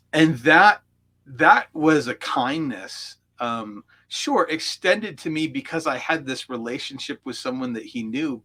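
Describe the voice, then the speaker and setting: A coach appears as an interview guest, telling stories from his own memories in a mid-range voice with a sharp tone. He sounds heartfelt and reflective, and fillers crop up frequently.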